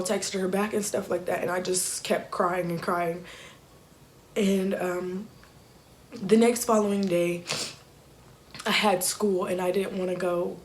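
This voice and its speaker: A young woman telling an emotional personal story in a halting, soft-spoken way with many fillers. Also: on the low side, slight background noise. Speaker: YouTuber.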